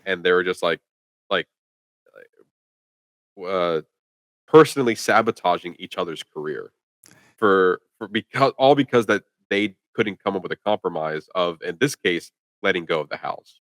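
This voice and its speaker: Talking about a movie on a podcast he co-hosts, this man meanders and says "like" constantly in casual chat. His low, fairly bright voice moves at a moderate pace with frequent pauses, and the sound is dry.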